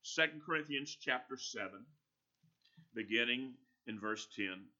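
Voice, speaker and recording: A man's voice: mid-range voice, lively intonation, unhurried, pushed and bright, lo-fi sound. A man preaching an earnest, emphatic sermon and reading scripture aloud. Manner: earnest, emphatic, acts out quoted voices.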